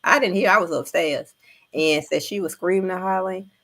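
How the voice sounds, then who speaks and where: Older woman, gravelly and low, animated storyteller on a chat podcast. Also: fairly quick. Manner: animated storytelling with voiced quotes. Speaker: panelist. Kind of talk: casual chat.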